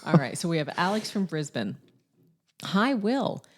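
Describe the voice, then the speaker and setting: A woman's voice: low voice, lively intonation, quick pace, noisy background. A woman in her sixties co-hosting a podcast, chatty and teasing, and reading out listener questions. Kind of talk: casual podcast chat.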